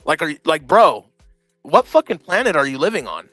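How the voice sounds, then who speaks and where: A laid-back, profane man on a livestream panel, calling everyone bro and dude. His voice is slightly high and the sound is dry and close. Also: big pitch swings, a little fast, sharp tone, dry recording, soft background music. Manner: laid-back, profane, 'bro' and 'dude' talk. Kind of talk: casual livestream chat.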